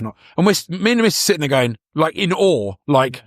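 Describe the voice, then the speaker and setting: A man's voice: medium pitch, sing-song, a little fast, few pauses, dry recording, clean studio sound. Rambling British man on a podcast. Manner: rambling, restarts sentences often. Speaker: podcast co-host. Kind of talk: casual chat.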